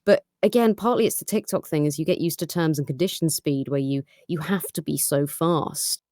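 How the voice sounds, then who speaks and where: A British voice actress chats at speed from her home recording setup, critical of her own work. Her voice sits low for a woman and sounds dry and close-miked. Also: dark tone, no room sound. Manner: fast-talking, self-critical. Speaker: voice actor. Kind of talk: casual chat. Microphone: home recording setup with headphones.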